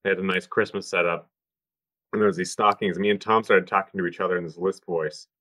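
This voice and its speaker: Deep-voiced man chatting loosely. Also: steady tone, a little fast, pushed and bright, no echo. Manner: rambling, swears freely, many ums. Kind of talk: casual chat.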